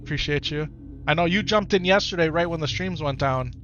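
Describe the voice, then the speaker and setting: Here a Wisconsin man livestreams a game, giving relaxed commentary while reading chat and circling back to phrases he's already said. He speaks a little fast in a slightly high, fairly bright voice. The highs are cut off, and faint music plays underneath.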